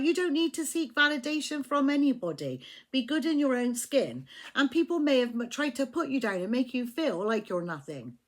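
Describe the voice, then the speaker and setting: A woman giving a casual, chatty tarot reading, swearing freely and checking in with the listener again and again. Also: high-pitched. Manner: chatty, profane, keeps asking "do you know what I mean". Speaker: tarot reader.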